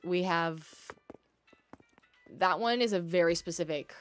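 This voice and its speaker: A woman's voice: on the low side, unhurried, soft background music. A young woman from the American Midwest with a Midwestern accent, chatting casually with viewers while streaming a game and drawing out words for drama. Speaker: gaming streamer.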